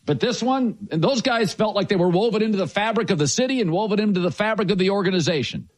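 A man's voice: sits high, animated, quick pace. A man hosting a sports talk show, blunt and emphatic in his opinions.

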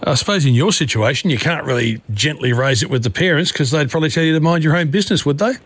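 A man's voice: on the high side, background noise. A man hosting a talkback radio show, chatting with callers in a friendly, encouraging way. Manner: chatty, encouraging, quick to react.

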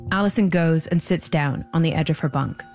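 Woman, low voice, scripted documentary narration, measured, faint music underneath. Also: a little mellow. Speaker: podcast host and narrator.

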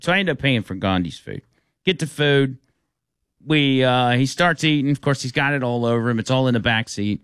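A man's voice: medium pitch, a little fast, smooth, no echo, studio quality. A man hosting a radio talk show, telling a story casually and acting out the people in it. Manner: animated, acts out the people in his stories.

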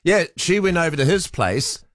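New talkback radio host, dry sound. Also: male voice, on the high side, sing-song, dry recording. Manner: conversational, interjects with quick questions.

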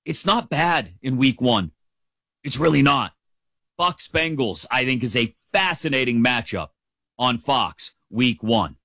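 Brief: male sports host, mid pitch, animated and jokey, very dry close sound. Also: unhurried, no room sound. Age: adult, father of a teenager. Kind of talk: casual football commentary.

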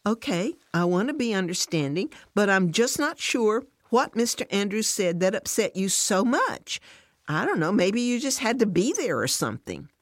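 A woman voicing a caring friend who speaks cautiously and quietly. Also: mid-range voice, sing-song, moderate pace, no room sound, clean studio sound, voice pushed up. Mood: calm.

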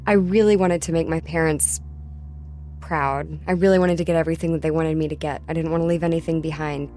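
A woman, telling her memories in a halting, reflective way for a recorded oral history. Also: sits low, fairly even intonation, mellow. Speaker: wildfire survivor.

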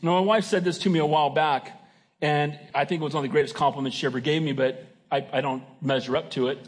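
A man's voice: a little high, fairly even intonation, fast. A man preaching a sermon as pastor, emphatic and folksy, often asking his congregation "Amen?". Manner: folksy and joking.

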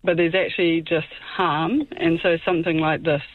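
A woman's voice: low-pitched, flat delivery, moderate pace. A woman calling in to a radio show, speaking thoughtfully with some hesitation. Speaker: caller. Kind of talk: casual phone-in chat. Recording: tinny phone line.

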